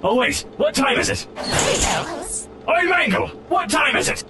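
A furious pirate fox robot in a cartoon, yelling in a very high voice that leaps up and down. He sounds set back from the mic, and loud music plays behind him. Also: sing-song, takes it slowly, creaky, far from the mic, full character voice. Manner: shouting, pirate talk, cursing. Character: hot-tempered pirate fox animatronic, male. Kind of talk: animated cartoon voice acting.

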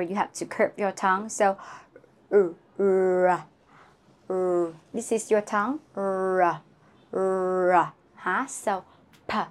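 A woman teaching English pronunciation, drilling each word several times and often checking in with a quick "huh?". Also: mid-range voice. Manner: laughs at herself now and then.

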